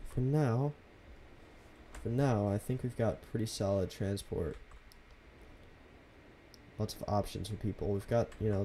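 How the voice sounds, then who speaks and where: A relaxed young man streams from his home setup, talking over his building in a soft, almost whispered way. His voice sits a bit low with a dark, mellow tone, and a faint hiss of noise lingers behind it. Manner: laid-back, soft half-whispered delivery. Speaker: game streamer. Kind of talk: casual live-stream commentary.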